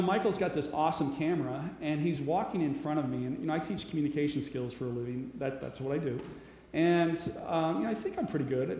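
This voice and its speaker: A middle-aged man telling a lively personal story to an audience as a public speaker. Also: a little high, a little hiss or hum. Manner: animated storyteller, bursts of loud acted shouts. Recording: echoey hall with long reverb.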